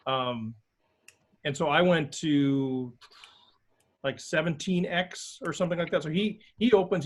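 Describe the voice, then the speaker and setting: A man on a video call, talking a group through a poker hand step by step in casual chat. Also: fairly high pitch.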